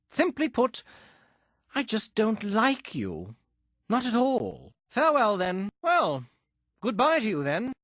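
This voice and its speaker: Foppish necromancer dandy, snobbish and mocking; voice leaps all over, recorded dry. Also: male voice, a little high, a bit bright, no echo. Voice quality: plummy, theatrical, lots of bursting laughs. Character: haughty foppish male necromancer companion, sneering. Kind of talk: game voice acting. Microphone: close studio mic.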